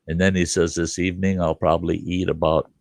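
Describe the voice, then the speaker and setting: An older man with a deep, gravelly, creaky voice tells a folksy story, chuckling along and acting out the other characters. His delivery is brisk with little pitch movement, like a storytelling host talking casually. The recording is dry and close, with no room echo.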